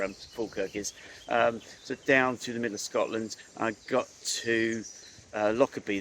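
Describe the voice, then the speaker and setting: A man's voice: fairly low pitch, a bit bright, a little hiss or hum. A man on a motorcycle trip chatting casually by phone from a campsite, rambling with lots of ums and uhs. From England. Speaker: motorcycle traveller on a video call. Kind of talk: casual chat. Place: outdoors under a tree at a campsite. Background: faint rural outdoor sounds, insects.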